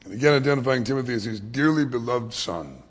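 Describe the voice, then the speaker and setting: A man preaching a sermon as pastor, swinging from hushed whispers to loud, emphatic lines. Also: medium pitch, animated, quick pace, husky. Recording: long hall reverb.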